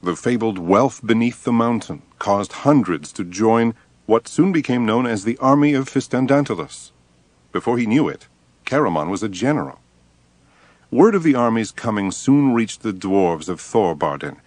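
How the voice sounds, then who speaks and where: A man narrating an audiobook in an expressive storytelling manner. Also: fairly low pitch, moderate pace, dry recording. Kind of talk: scripted narration.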